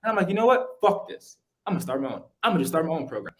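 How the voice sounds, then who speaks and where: Fast-talking young man telling his story. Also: fairly high pitch. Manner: animated, slangy, lots of "like" and "yo". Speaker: podcast guest, founder. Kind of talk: casual storytelling chat.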